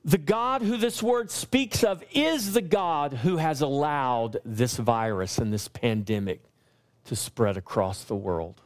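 A man preaching a sermon as pastor, pressing his points with repeated lines and slowing down when he quotes scripture. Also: mid-range voice.

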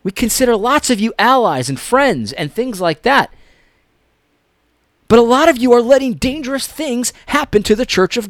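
A man giving impassioned commentary, preachy and repetitive, swinging between loud emphasis and near-whispered lines. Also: extremely high pitch, big pitch swings, moderate pace, dry recording, clean studio sound.

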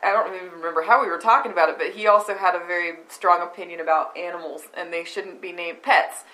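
A woman co-hosting a casual family podcast, telling anecdotes in a lively way and laughing often. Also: fairly low pitch, fast, low-quality recording. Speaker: podcast co-host.

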